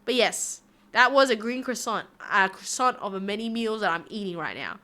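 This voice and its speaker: Bubbly, bright-voiced Australian woman. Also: medium pitch, expressive, moderate pace. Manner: bubbly, rambling, giggly. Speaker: livestreamer. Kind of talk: casual stream chat reading viewer comments.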